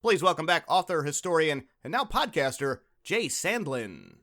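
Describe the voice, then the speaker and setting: A man hosting a comedy podcast, boisterous and quick to burst out laughing. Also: fairly high pitch, very animated. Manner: boisterous, laughs loudly at jokes. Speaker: podcast host.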